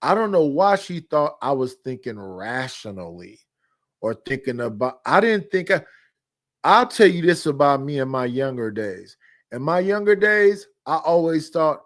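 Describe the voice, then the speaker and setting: A man's voice: fairly high pitch, big pitch swings, moderate pace. Blunt mid-fifties man telling stories. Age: 50s. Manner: blunt, candid, repetitive phrasing. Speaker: podcast host. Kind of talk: casual storytelling chat.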